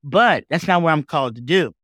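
A man with a slightly high voice tells a personal story as a podcast guest, heartfelt and animated. He drops in asides like "okay?" and "man" as he goes. The sound is dry and close. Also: a little fast, dry recording.

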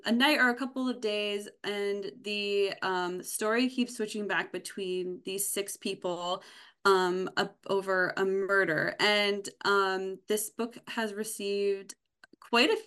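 A woman's voice: mid-range voice, a bit bright, clear, resonant tone. A woman from a bookstore team chatting casually and enthusiastically about books she recommends, with frequent ums and restarts. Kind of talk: casual book recommendation chat.

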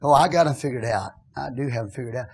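A man preaching a sermon as pastor, swinging from hushed, conversational asides to loud, shouted declarations. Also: mid-range voice, fast, husky.

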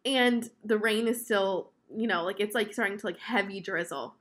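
A woman's voice: medium pitch, moderate pace, fairly bright tone. Young woman vlogger, chatty and gushing, loose storytelling full of fillers. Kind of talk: casual storytelling.

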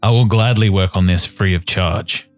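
A man voicing a proud male dwarf master smith who speaks formally, with a lowish voice. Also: fairly even intonation, dry recording, faint music behind. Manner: formal, measured bargaining.

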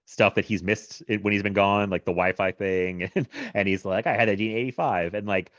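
A man's voice: low voice, little pitch movement, normal speed, a bit bright, dry recording. A man in casual film discussion, talking in a rambling, enthusiastic way and laughing often. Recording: dull lo-fi sound.

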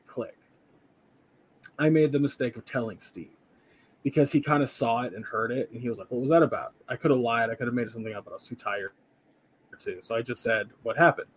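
A man's voice: medium pitch, fairly quick, pauses often, slightly rough. A tired young man, a podcast co-host, casually retelling a work story and acting out the voices of the people in it. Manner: animated retelling, acts out quoted voices, swears casually.

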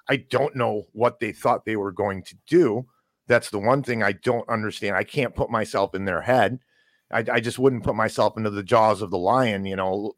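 A man's voice: mid-range voice, no room sound. A man giving his political opinion casually, stumbling and repeating words as he goes. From United States. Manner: hesitant, repeats words, rises when emphatic.

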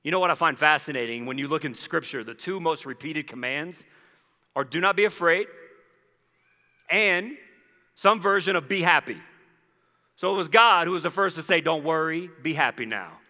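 A man preaching with a bright, forceful voice that rings through a church hall with long reverb. He tells stories with animated, conversational asides, and his pitch sits a little above the usual. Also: moderate pace, pauses often. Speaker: pastor. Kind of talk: sermon.

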